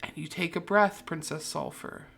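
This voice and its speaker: A woman's voice: fairly low pitch, normal speed, vocal fry, fairly bright tone, faint music behind. A woman narrating a tabletop game as game master, describing scenes in vivid detail with many fillers.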